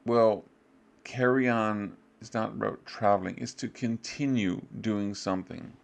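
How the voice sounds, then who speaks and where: A man's voice: fairly even intonation, a little slow, vocal fry. A man teaching English, going over a review unit in a loose, offhand way and acting out short student replies. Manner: loose and offhand, fills gaps with "blah, blah"; acts out short student replies with jumps in pitch. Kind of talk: casual review lesson.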